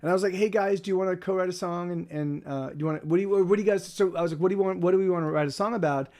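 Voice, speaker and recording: A man's voice: high-pitched, rapid-fire. A man who works as a musician tells a story casually on a livestream, rambling and cutting himself off. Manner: rambling, self-interrupting, softly spoken. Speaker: working musician and streamer.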